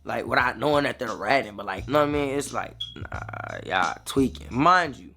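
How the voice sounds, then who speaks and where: A young man, telling a rambling, slangy storytime to his viewers that grows animated as he retells it. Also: mid-range voice, moderate pace, faint music behind. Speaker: vlogger. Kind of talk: casual storytime.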